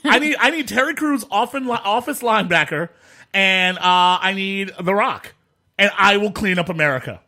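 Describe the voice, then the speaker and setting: A man co-hosting a casual comedic podcast chat, animated and exasperated, breaking into shouts and laughter. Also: high-pitched, moderate pace. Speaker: podcast co-host.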